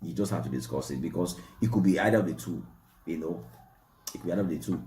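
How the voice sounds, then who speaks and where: A man co-hosting a marriage Q&A show, explaining in a relaxed, repetitive way that stresses key points. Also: low-pitched, quick pace, roomy sound. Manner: repetitive, emphatic, explaining step by step. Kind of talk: relaxed advice talk.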